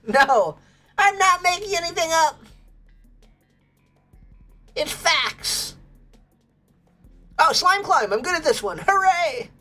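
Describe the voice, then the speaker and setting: A woman's voice: extremely high pitch, animated, slow pace, pauses often, sharp tone, faint music behind. A woman streaming a game, chatting casually and bubbly with her viewers and laughing often. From United States. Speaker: livestreamer. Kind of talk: casual chat with viewers while gaming.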